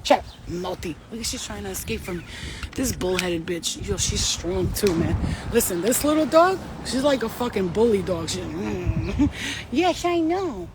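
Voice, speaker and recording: A woman speaking outdoors while walking her dog, giving a spiritual pep talk to her followers. She talks bluntly and with fire, swearing freely in street slang. Her voice sits at an ordinary middle pitch, with a faint hum of the open air behind her. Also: expressive, moderate pace. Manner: blunt, profane, slangy and fired-up. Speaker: spiritual reader.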